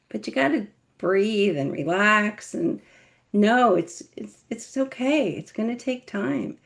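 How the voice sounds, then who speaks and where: A middle-aged woman with one paralyzed vocal cord, a memoir author telling her life story in an interview, animated and laughing. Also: medium pitch. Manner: animated, laughing, acts out quoted voices.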